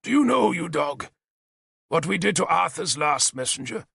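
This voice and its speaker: A man voicing a cruel, vengeful one-armed warlord king who shouts and snarls threats in an audiobook. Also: fairly high pitch, very animated, normal speed, gravelly, husky, no echo, studio quality, pitched above the performer's own voice, heavily acted. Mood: furious.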